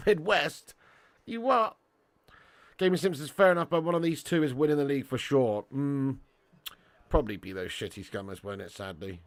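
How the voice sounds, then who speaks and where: A man's voice: mid-range voice, moderate pace, no room sound. A young man hosting a casual live watch-along, reading chat and bantering with viewers as lad and mate.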